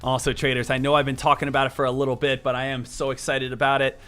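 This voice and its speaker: Upbeat stock-stream host, bright voice. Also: male voice, medium pitch, monotone, racing, smooth, soft background music. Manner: upbeat, chatty, repeats phrases, addresses viewers as team. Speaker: stock trading livestream host. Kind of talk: live trading commentary.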